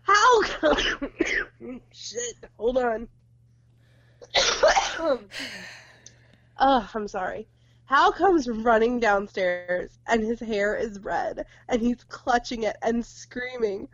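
A woman's voice: on the high side, animated, drawn-out words, pauses often, a bit bright, dry recording, highs cut off. A woman in casual chat, emphatic and swearing, ranting about a film. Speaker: podcast co-host.

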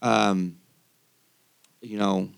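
A man's voice: lowish voice, fairly even intonation, drawn-out words, gravelly, clear, resonant tone. A man hosting a casual podcast who talks easily, with many fillers and restarts. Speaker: podcast host.

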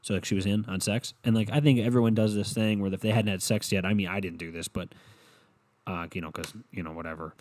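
A man's voice: lowish voice, fairly even intonation, fast, darkish tone. A young man hosting a solo podcast, rambling casually with lots of profanity and filler words. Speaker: podcast host.

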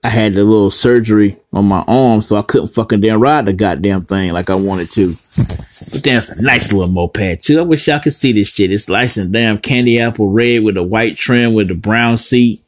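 A man's voice: lowish voice, normal speed. A man in a rambling, profanity-heavy vlog rant, blunt and scattered, with casual dialect grammar. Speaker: vlogger.

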